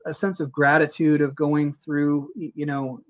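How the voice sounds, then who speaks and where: A man's voice: on the high side, level tone, normal speed, no echo. A man speaking hesitantly, with some stammering, as a podcast guest. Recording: dull dry lo-fi sound.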